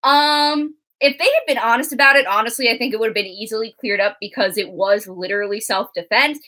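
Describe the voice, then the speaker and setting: A woman's voice: on the high side, brisk, pushed and bright. A young woman co-hosting a live show discussion, chatty and giggly, reading out viewer comments. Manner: chatty, giggly, filler-heavy. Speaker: co-host.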